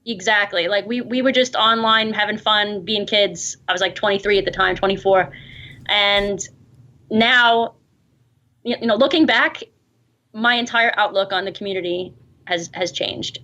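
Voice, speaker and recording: A woman in her thirties with a New York accent, a guest in an interview, chatting quickly and laughing as she talks. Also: medium pitch, sharp tone. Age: 30s. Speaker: guest, online video creator. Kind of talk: interview conversation. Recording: dull lo-fi replayed clip.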